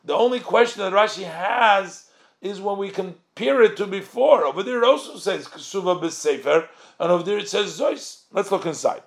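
A man's voice: sits high, lively intonation, normal speed, vocal fry. A man leads a text study lesson in a slightly raised voice. He reads short Hebrew phrases, translates them line by line, and keeps posing questions about the wording. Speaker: Torah teacher.

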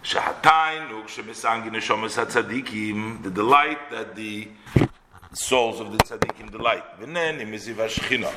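A man's voice: fairly low pitch, normal speed, very noisy. A man teaching a religious text line by line, reading each phrase in Hebrew and then explaining it in English, often restarting his sentences. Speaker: Torah teacher. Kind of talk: line-by-line text study lecture. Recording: roomy echo.

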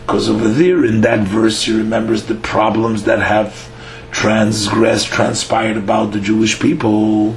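This Talmud lesson comes from a man whose voice sits on the low side and barely moves in pitch. Line by line, he reads the Aramaic and then explains it in English, stumbling over "uh" fillers, while the echoey room carries a faint hum.

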